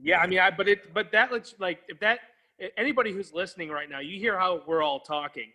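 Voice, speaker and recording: A man in his thirties hosting a casual chat show, talking in an animated, profane way and turning to the listeners. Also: sits high, fairly quick. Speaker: podcast host, army veteran.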